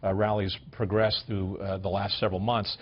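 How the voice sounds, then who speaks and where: A male cable news anchor asking brisk, pointed questions in a panel debate. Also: fairly low pitch, flat delivery, slightly rough. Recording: dull broadcast audio.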